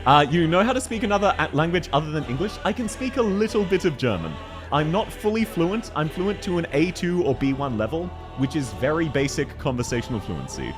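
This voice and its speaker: A young man chats through a live game stream, joking and reading his chat aloud. His voice sits fairly high and swings widely in pitch. Soft game music plays underneath. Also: a little fast. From Australia. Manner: animated, jokey, reads chat aloud and laughs often. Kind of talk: casual live-stream chat while gaming.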